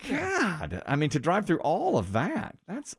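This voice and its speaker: Middle-aged male morning host, lively storyteller, acts out the quotes. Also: a little slow, husky. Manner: animated storyteller, acts out quotes with big pitch jumps. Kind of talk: casual radio banter.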